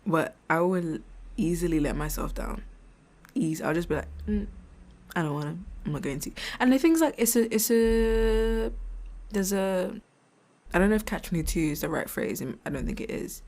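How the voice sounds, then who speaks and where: A woman's voice: on the low side, expressive, moderate pace, darkish tone. A woman in her twenties hosting a casual reflective solo podcast. She talks frankly and chattily, swears, and laughs often. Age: 20s. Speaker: podcast host.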